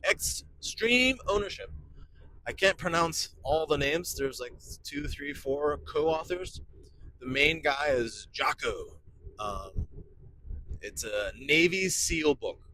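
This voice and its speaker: A man's voice: a little high, takes it slowly, pushed and bright, slight background noise, low-quality recording. Emphatic fortyish male pastor. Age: 40s. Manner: enthusiastic, emphatic, repeats key phrases. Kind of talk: casual podcast talk.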